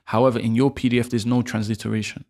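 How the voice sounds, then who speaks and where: A man's voice: mid-range voice, little pitch movement, fast talker, darkish tone. A man, patiently teaching the alphabet and repeating each sound for learners to copy. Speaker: Arabic teacher. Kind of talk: online alphabet lesson.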